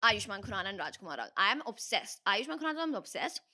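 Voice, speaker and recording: A bright, forceful voice from a young Indian woman chatting as an interview guest. She talks in quick bursts full of fillers, giggles and restarts, with a slightly hoarse throat. Her pitch sits mid-range for a woman. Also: very animated. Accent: Indian English. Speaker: interview guest, dancer and creator. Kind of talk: casual rapid-fire interview chat.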